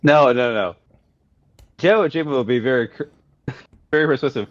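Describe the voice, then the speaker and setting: An excitable man playing in a tabletop game, quick to laugh. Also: medium pitch, no room sound, lo-fi sound. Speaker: player.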